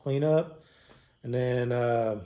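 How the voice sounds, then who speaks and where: A man talks casually to his viewers from his home garage. He swears freely and slips in dry sarcasm. His pitch sits in an ordinary middle range. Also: slow, mellow. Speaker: DIY mechanic vlogger.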